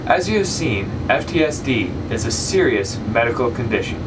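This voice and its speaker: A man speaks the sign-off of a mock documentary, his pitch moving freely. He sounds far from the mic, with clear background noise. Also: very animated, normal speed. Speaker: narrator.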